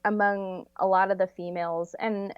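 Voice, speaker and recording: A woman's voice: mid-range voice, little pitch movement, normal speed, clean tone, no room sound. A woman guesting on a podcast, chatting animatedly with frequent laughs and hedging fillers. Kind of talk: casual chat. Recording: slightly dull lo-fi audio.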